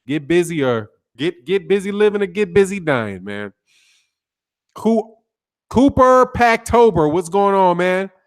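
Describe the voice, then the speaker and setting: A man's voice: high voice, sing-song, unhurried. A man hosting a casual boxing live stream, greeting viewers by name in a laid-back way and ending most lines with "man.". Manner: laid-back, says "man" constantly, shouting out names. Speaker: boxing YouTube host.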